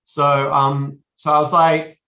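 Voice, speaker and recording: A man's voice: on the high side, level tone, slow pace, sharp tone, roomy sound. An Australian man in his forties, a podcast guest, talking casually and rambling with many restarts. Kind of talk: casual chat.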